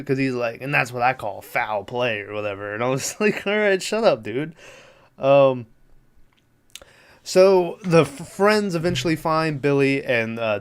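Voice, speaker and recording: A man's voice: medium pitch, clean tone. A man hosting a podcast who recaps a movie in a rambling, profane way, laughing often and filling gaps with "like" and "um.". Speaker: podcast host.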